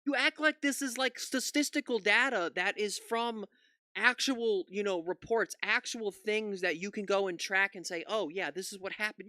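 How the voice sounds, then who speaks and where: A man's voice: high voice, animated, normal speed, pushed and bright, smooth, dry recording, clean studio sound. A man giving reaction commentary on a news clip, ranting with profanity and incredulous outbursts. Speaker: political commentary YouTuber.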